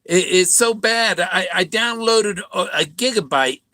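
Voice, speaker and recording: A man's voice: high-pitched, a little slow, sharp tone, no echo. A man rambling through a casual monologue, stumbling and repeating words, sometimes mimicking other voices. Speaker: vlogger.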